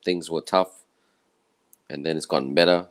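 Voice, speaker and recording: A man from Malaysia, speaking in a croaky, tired voice in an earnest, conversational personal talk to camera. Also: very deep voice, fairly even intonation, normal speed. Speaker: summit speaker. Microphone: own camera setup with a clip mic.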